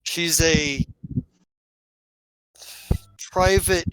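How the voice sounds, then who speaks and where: A man's voice: on the high side, steady tone, extremely slow, a bit bright, clean tone, dry recording, low-quality recording. A man voicing an uptight, grumpy man who speaks curtly. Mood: irritated. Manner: curt and tense.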